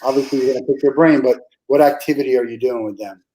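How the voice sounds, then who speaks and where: A man's voice: mid-range voice, fast, mellow, a little hiss or hum, poor audio. A man hosting a podcast interview, chatting casually, with frequent restarts and fillers. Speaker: podcast host.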